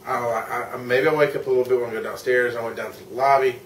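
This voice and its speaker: A man's voice: medium pitch, steady tone, fast talker, few pauses, slight background noise. Weary, rambling man in an echoey room. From United States. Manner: rambling, candid and cranky, swears often. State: tired. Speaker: vlogger and podcaster. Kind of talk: casual end-of-day travel vlog. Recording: roomy echo, mic at a distance, faint ambience.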